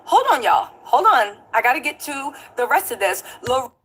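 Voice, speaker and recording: A woman hosting a news talk show in casual commentary, animated, reading out viewer comments. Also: normal speed, slight background noise, low-quality recording. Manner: animated, acts out quoted lines in high voices. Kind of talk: casual commentary with livestream shout-outs.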